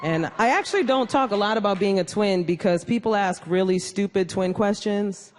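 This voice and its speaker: A woman's voice: medium pitch, a little hiss or hum. A woman from the South Bronx, doing brash, teasing stand-up comedy on a big stage. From South Bronx, New York. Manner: brash, teasing, quick punchlines with playful impressions. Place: large theater stage with a live audience. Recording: stage mic with loud audience laughter.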